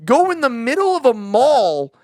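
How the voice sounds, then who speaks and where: A man's voice: very high voice, sing-song, moderate pace, a little mellow, no room sound, studio quality. A young man co-hosting a podcast, casual comedic chat, jumping in to build on jokes and laughing. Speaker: podcast co-host.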